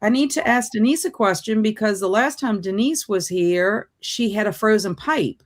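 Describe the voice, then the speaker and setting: At a moderate pace and in a mid-range voice, a livestream host from Louisiana, USA chats from her home office. She reads viewers' comments aloud and laughs a lot.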